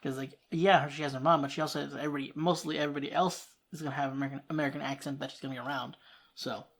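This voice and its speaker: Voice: medium pitch, fairly even intonation, rapid-fire, slight background noise. A host giving casual reaction commentary on a TV episode, rambling through thoughts with many restarts and frequent laughs.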